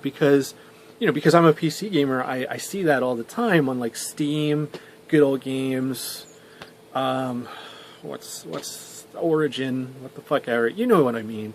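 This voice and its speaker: Casting: a young man vlogger, chatty and rambling, swearing freely, average pitch, faint noise under the voice. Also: a little slow. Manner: rambling with many restarts and swearing. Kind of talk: casual storytelling vlog.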